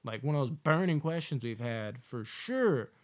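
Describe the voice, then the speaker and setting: Male reviewer host, mid-pitched, loose and profane, acts out quotes with sudden high jumps. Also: lively intonation, normal speed. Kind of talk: casual spoken episode review.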